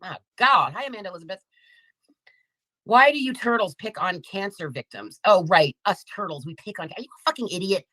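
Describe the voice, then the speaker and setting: A woman hosts a casual live commentary stream. Her voice is bright and cutting, recorded close and dry. She talks with heavy sarcasm and swearing, drawing out sugary mock sympathy. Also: mid-range voice, animated, fairly quick, dry recording, rough recording. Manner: sarcastic, mocking, profane. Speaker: livestream commentary host.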